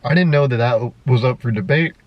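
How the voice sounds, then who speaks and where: A man's voice: medium pitch, fairly quick, dry recording, dull audio. A young man vlogging in a rambling, exasperated way, laughing often and swearing freely. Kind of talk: casual unscripted monologue to camera.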